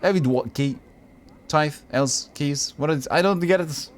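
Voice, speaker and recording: A man's voice: on the high side, a little slow, a little hiss or hum. A man streaming a game playthrough, chatting in a playful, self-interrupting way, with faint music behind. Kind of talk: casual playthrough commentary.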